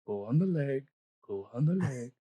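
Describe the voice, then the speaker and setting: A man's voice: mid-range voice, animated, normal speed, dark tone, slightly rough, no room sound. A man voicing a flustered male dwarf animal keeper in a tabletop game, talking in a fussy, apologetic, rambling way.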